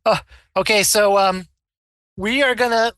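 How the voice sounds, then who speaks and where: Brief: man doing a shaky, mild lab scientist, halting delivery, bright tone, in a tabletop game. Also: high-pitched, steady tone, dry recording, clean studio sound, voice pushed up. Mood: nervous. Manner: halting, hesitant. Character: nervous mild-mannered male scientist. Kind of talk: voicing a character in a tabletop game.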